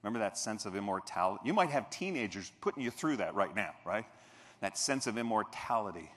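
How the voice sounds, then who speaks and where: Animated man giving a keynote speech. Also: fairly low pitch, a little fast. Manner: animated, jokey, playful asides to the audience. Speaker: keynote speaker. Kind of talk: motivational keynote with humorous storytelling. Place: large convention hall stage. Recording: echoey convention hall.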